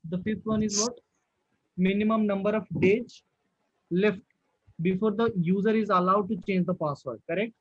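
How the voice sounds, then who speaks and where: A man's voice: sits high, steady tone, moderate pace, pauses often, dry recording, highs cut off. A man teaching a live online class who keeps asking his students questions and repeating himself. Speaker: instructor. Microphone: video call.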